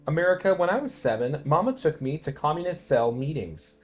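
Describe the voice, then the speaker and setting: A man giving a dramatic poetry reading, swinging between quiet musing and loud declamation. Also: a little high, big pitch swings, brisk, few pauses, soft background music. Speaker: poetry reader.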